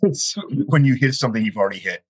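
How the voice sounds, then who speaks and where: Male podcast guest, husky, easygoing, chuckles through explanations. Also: mid-range voice, quick pace. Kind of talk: casual chat.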